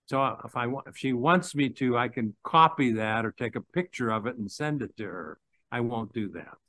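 Older male preacher, mid-pitched, chatty sermon delivery with restarts, dry close mic. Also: expressive, normal speed, sharp tone, no echo. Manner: conversational, rambling with restarts and chuckles. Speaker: pastor.

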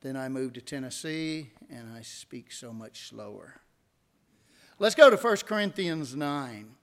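Middle-aged man, preaching a sermon, slightly high voice, conversational, builds to emphatic peaks. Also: animated, a little slow, fairly bright tone. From United States. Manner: conversational, asks the congregation rhetorical questions; rises to emphatic peaks on key points. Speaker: pastor.

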